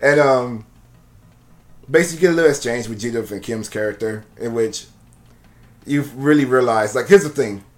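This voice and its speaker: A man's voice: medium pitch, moderate pace, long pauses, a little mellow. Rambling man retelling a movie plot. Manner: rambling, laughs often, swears casually. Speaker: podcast co-host reviewing a movie. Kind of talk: casual chat.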